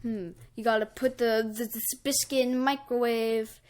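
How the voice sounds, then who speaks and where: A woman's voice: a little high, fairly even intonation, moderate pace, darkish tone, smooth, natural voice. A woman voicing a laid-back old male hero mentor who talks in an offhand, mumbling way. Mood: casual.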